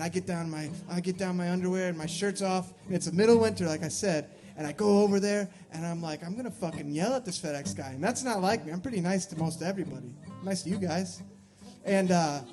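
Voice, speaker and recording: High-voiced man telling a rambling story. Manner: rambling, profane, self-mocking storytelling. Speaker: singer-songwriter. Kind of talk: live storytelling between songs. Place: live venue with audience. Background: guitar playing.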